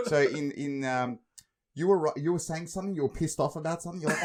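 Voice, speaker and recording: A man's voice: fairly high pitch, a little fast. A young man, co-hosting a podcast, telling stories casually with lots of swearing and laughter. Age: young adult. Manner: swearing, laughing, animated storytelling. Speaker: podcast co-host. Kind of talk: casual chat, storytelling.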